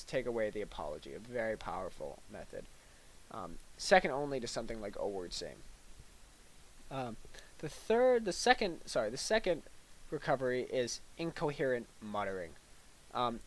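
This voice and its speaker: A young man giving a deadpan parody lecture, halting and full of fillers, with mock-serious delivery and little acted-out asides. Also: medium pitch, low-quality recording.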